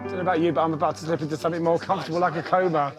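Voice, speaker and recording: A man's voice: fairly high pitch, fairly even intonation, rapid-fire. Camp, wisecracking man, music behind. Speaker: singer, band frontman. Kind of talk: casual chat in a recording studio. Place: recording studio.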